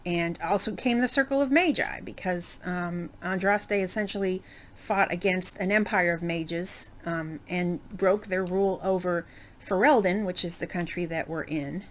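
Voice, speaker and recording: A woman's voice: on the low side, a little slow. A woman giving casual let's-play commentary, chatty and rambling, with many fillers and asides. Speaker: game streamer.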